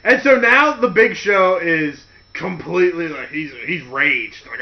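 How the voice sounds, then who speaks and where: A man's voice: fairly high pitch, a little slow, few pauses. A man hosting a show, telling stories in a casual, comedic way, laughing often, in a lo-fi recording. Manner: animated, laughing, full of impressions. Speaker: host. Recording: dull lo-fi recording.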